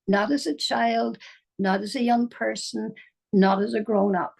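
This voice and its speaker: An older woman giving a slow, musing spiritual talk, dropping at times into soft whispers. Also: a little high, steady tone, gravelly, husky. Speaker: spiritual teacher. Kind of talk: reflective spoken talk.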